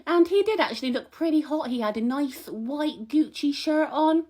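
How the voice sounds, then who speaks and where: A woman's voice: sits high, lively intonation, normal speed, darkish tone. A young woman delivering a comic monologue to camera, chatty, indignant and rambling like she is gossiping. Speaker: comic vlogger.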